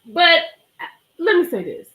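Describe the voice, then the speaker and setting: A woman's voice: very high voice, unhurried. A woman hosting a live stream, chatting emphatically and gossiping about a reality show. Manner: animated, emphatic, chatty, greets viewers. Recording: roomy echo.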